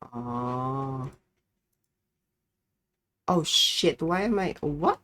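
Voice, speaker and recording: A woman's voice: very deep voice, expressive, very slow, fairly bright tone. A young woman from the Philippines streaming a game live, chatting to herself, swearing and squealing greetings at customers. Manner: swearing, chatty self-talk while playing. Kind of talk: live gameplay chat.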